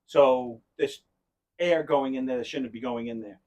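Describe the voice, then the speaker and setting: A man's voice: mid-range voice, a little slow, a little mellow. A man hosting a podcast, telling a long rambling story in casual chat and often breaking into laughter. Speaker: podcast host.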